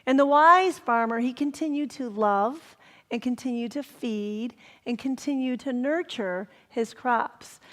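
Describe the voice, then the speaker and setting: A woman reverend giving a sermon, telling stories gently and sometimes dropping to a whisper for emphasis. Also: on the high side, in a large hall. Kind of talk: sermon storytelling. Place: spiritual center hall.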